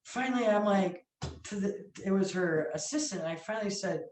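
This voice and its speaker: A woman restaurant owner telling stories in a casual interview, animated, swearing freely and acting out what people said. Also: medium pitch, brisk, slight background noise. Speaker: restaurant owner and sandwich chef. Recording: echoey room, mic far off.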